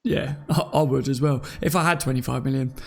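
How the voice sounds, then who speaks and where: Gravelly joking man hosting a live chat. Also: mid-range voice, fairly even intonation, a little fast. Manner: jokey, laughs often. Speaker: podcast host. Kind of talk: casual chat reading live comments.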